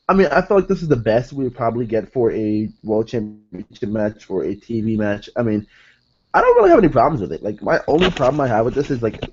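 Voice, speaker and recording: A man's voice: medium pitch, a little mellow, dull audio. A man hosting a podcast, recapping a wrestling show in a casual, rambling way full of fillers and self-corrections, in a room with curtains behind him. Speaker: podcast host.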